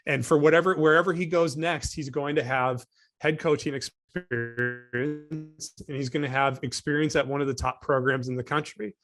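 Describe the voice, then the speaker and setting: A man's voice: a little high, fairly even intonation, moderate pace, a bit bright, faint music behind. Man co-host thinking aloud. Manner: rambling, thinking aloud with restarts. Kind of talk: casual panel discussion.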